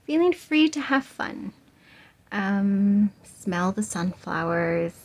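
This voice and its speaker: A woman's voice: mid-range voice, lively intonation, slow. A young woman giving a casual pick-a-card tarot reading, chatty and giggly with many fillers and laughs. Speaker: tarot reader.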